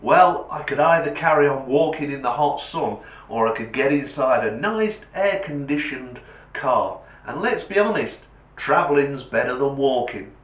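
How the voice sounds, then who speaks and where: A man with a British accent voicing a cheeky, clever little boy in a joke, in a high boyish voice that sounds sly and cocky. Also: expressive, normal speed, a bit bright, close to an everyday voice. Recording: roomy echo.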